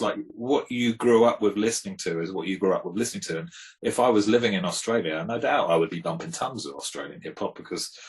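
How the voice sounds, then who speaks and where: A man's voice: on the low side, rough recording. A man, talking in a casual, rambling and reflective way as a guest in a conversation. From England. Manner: laid-back, rambling and reflective. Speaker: guest, hip hop producer.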